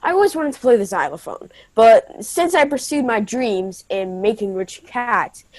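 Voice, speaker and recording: A woman's voice: a little high, animated, moderate pace, a little mellow, dry recording, rough recording. Teen girl improviser, exasperated and indignant, dry close mic. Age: young teen. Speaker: improv camp performer. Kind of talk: improvised comedy scene over video call. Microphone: video call.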